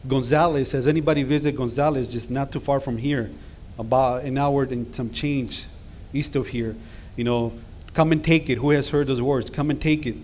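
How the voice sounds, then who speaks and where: A man's voice: medium pitch, steady tone, moderate pace, darkish tone, slight background noise. A middle-aged man, a guest pastor preaching an impassioned sermon in a church that swells into emphatic calls to action. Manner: impassioned, rising to emphatic exhortations. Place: church sanctuary.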